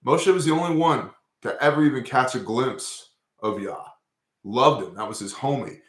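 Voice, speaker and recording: A man hosting a casual talk about scripture, telling stories in an animated, profane way. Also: medium pitch, normal speed, echoey room.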